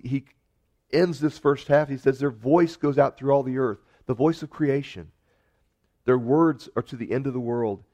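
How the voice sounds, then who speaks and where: A pastor earnestly preaches a sermon in a mid-range voice, rising to emphatic peaks and then dropping to soft, quiet lines.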